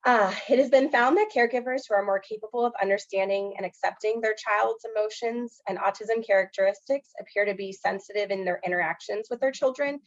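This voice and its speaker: Woman, counselor, earnest talk, lots of "um" fillers, mid-pitched voice, dull lo-fi audio. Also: a little fast, few pauses. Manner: earnest, filler-heavy, often says "um" and "you know". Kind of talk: educational presentation.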